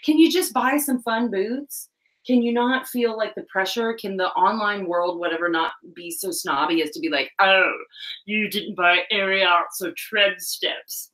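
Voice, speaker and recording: Chatty, bright-voiced Southern woman. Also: fairly low pitch, rough recording. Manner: chatty, animated, laughs often, lots of "like". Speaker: co-host of a live horse chat show. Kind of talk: casual live-stream chat.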